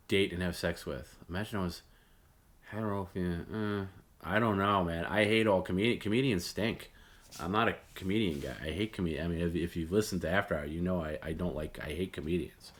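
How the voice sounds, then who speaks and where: A middle-aged man hosting a late-night solo talk stream, rambling and opinionated, blunt, with many fillers and restarts. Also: deep voice. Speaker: host.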